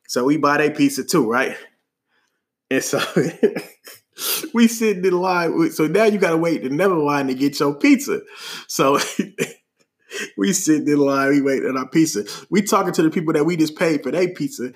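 A man from Oakland with a Bay Area accent, telling a story on a podcast in an animated, slangy way, laughing often as he talks. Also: on the high side, moderate pace. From Oakland, California. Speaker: podcast host. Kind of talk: casual storytelling.

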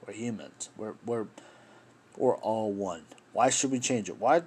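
In a husky, fairly low voice and a slightly slow pace, a man runs a solo political podcast. He rants with passion and rambles, swearing along the way and speaking to his listeners as "folks."

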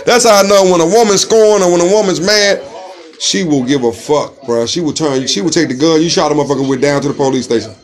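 Brief: man in casual chat, loud animated storyteller, voice sits a bit high. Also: fast talker.

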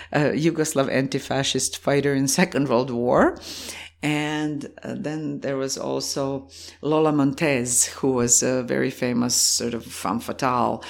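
A woman with a Croatian accent, speaking as a guest in an interview, reflective and quick to laugh. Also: very deep voice, gravelly. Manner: thoughtful, reflective, laughs easily. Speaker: guest, actor and playwright. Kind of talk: interview conversation.

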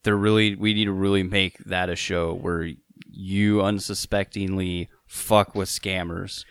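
A man's voice: deep voice, little pitch movement, measured pace, a bit bright, smooth, no room sound. A man co-hosting a casual podcast with wry, laid-back remarks.

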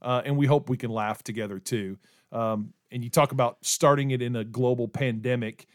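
A man in his forties talks casually as a church podcast host. He rambles and restarts often, in a voice of ordinary middle pitch. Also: fairly even intonation, normal speed. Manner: chatty, rambling with many restarts.

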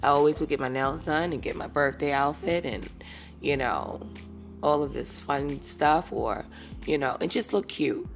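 A woman's voice: low-pitched, unhurried, vocal fry, soft background music. A woman in her thirties hosting a casual solo podcast, talking candidly and rambling, sometimes teary and emotional. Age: 30s. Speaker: podcast host.

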